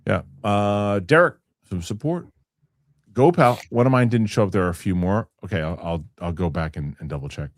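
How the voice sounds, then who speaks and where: A man's voice: on the low side, normal speed, dry recording. A middle-aged man hosting a casual live show, rambling through viewer comments and swearing freely. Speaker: host.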